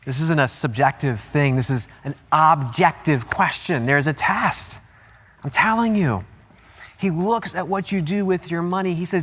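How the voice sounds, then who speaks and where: A man preaching a sermon as pastor, emphatic and animated, repeating key words and jumping up in pitch to stress them. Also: measured pace. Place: large church auditorium. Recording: long hall reverb with faint music.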